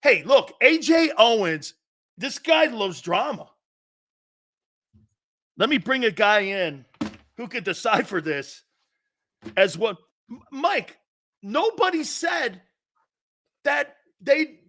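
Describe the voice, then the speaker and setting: A combative male sports talk host with a high, bright voice that swings wildly up and down. He fires off rhetorical challenges in an opinionated rant. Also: very animated, slow pace, long pauses.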